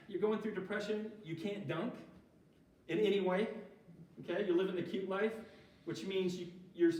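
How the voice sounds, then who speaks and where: A man's voice: high-pitched, a little mellow. A man giving an informal sermon at a church recovery group, talking conversationally and often checking in with his listeners. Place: church hall. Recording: echoey church hall, mic far off.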